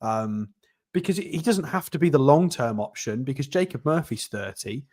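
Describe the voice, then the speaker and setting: A man's voice: mid-range voice, expressive, normal speed, a little mellow. A man co-hosting a casual football chat, plain-spoken and opinionated. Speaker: podcast co-host.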